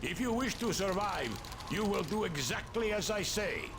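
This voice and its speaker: Gravelly soviet drill sergeant barking orders, voice jumps all over, heavy gunfire going off behind. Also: male voice, high voice, expressive, normal speed, background noise. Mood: commanding. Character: stern Soviet drill instructor training recruits. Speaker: in-game training instructor. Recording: game audio over loud gunfire. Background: gunfire and shots.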